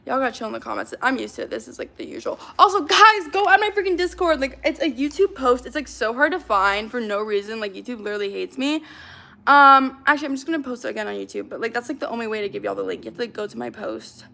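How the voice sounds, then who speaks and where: Hyper chatty young woman with a gravelly edge. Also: on the high side, expressive, fast talker, pushed and bright. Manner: chatty, hyper, reacts to comments, fillers of like. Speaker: livestreamer reading chat. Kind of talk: casual livestream chat.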